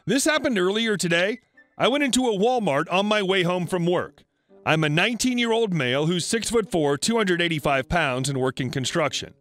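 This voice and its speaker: A man narrating online stories in a scripted reading, with lively delivery. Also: high voice, normal speed, no echo. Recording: faint background music.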